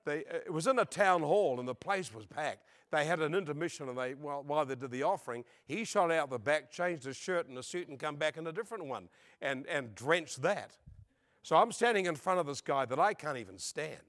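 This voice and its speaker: A man preaching a storytelling sermon to a congregation, animated and humorous, acting out voices and laughing along. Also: a little high, a little fast. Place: church service before a congregation.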